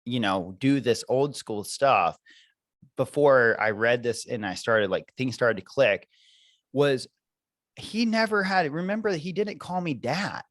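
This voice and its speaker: A man's voice: mid-range voice, measured pace, a bit bright, no echo. A man who coaches parents, talking earnestly and reflectively in a podcast conversation, with many fillers.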